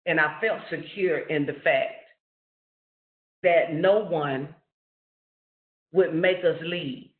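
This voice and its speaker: A man telling a personal family story in an earnest, storytelling way on a webinar call. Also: fairly high pitch. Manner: slow, earnest storytelling with rising questions. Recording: roomy, phone-like lo-fi webinar audio.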